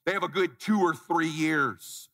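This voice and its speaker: A man in his forties delivers a fired-up motivational talk from a conference stage, prodding and scolding the audience. His voice sits high for a man and carries a gravelly rasp. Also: a little slow, sharp tone, long reverb tail. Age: 40s. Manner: intense, blunt and challenging, calls on the crowd. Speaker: motivational speaker.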